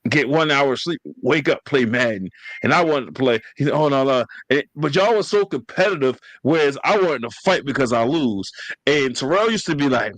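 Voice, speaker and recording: Animated, profane man telling stories. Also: mid-range voice, normal speed, no echo, low-quality recording. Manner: animated storytelling, slangy and profane. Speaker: podcast host. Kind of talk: casual family storytelling.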